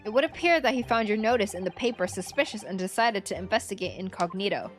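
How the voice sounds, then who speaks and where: A woman reading as a calm young lawyer. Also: medium pitch, fast talker, soft background music, natural voice.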